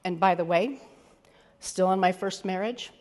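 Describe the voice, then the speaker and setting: A woman's voice: lowish voice, a little slow, a little mellow. A woman executive coach giving a motivational keynote talk in a candid, conversational way, swearing casually now and then. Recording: long hall reverb.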